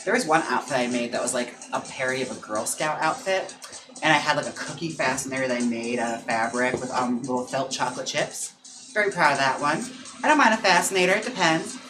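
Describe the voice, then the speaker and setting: A man's voice: mid-range voice, poor audio. A young adult man, a drag performer, chatting casually on a live stream, gossipy and full of "like" and "girl" as he reads viewer comments. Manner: chatty and gossipy, lots of "like" and "girl", quick laughs. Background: background music.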